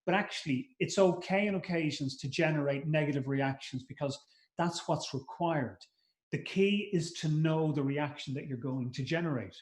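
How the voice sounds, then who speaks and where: A man's voice: fairly high pitch, moderate pace. A middle-aged man giving a live masterclass at a conference, speaking conversationally, repeating words and acting out short quotes. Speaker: trainer. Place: conference room. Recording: roomy echo.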